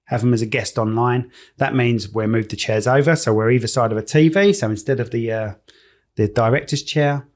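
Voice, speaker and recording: A man co-hosting a podcast from a studio. His voice has a gravelly, creaky texture and a mid pitch. He rattles off jokes and restarts his sentences. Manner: joking and teasing, quick restarts. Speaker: podcast co-host. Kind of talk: casual chat.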